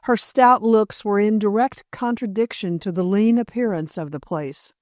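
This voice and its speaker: A woman audiobook narrator reads a classic mystery novel from a script in a measured, even storytelling style. Her voice is mid-range, and the studio-quality recording has no room sound.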